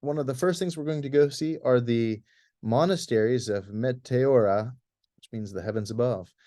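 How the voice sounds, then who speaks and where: Laid-back guy chatting to his congregation, warm mellow voice, kinda rambly. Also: mid-range voice, moderate pace. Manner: relaxed, conversational with many restarts. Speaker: clergy leading a church trip. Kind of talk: informal presentation to a congregation. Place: church hall.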